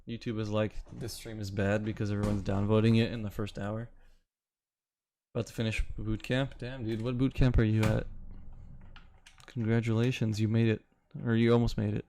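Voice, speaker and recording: A man's voice: lowish voice, warm tone, clear, resonant tone, dry recording. A young man, chatting casually with his live-stream audience, rambling and swearing now and then. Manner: rambling, swears casually, reads chat aloud. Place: home, city with bootcamps he attended.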